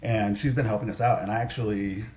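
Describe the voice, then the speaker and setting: A man in his thirties chats as a podcast guest, his voice sitting fairly low. He rambles through his stories with lots of "like" and false starts. A faint hiss sits under the recording. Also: steady tone, fast talker, darkish tone. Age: 30s. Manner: rambling, heavy use of "like", frequent restarts. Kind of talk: casual storytelling chat.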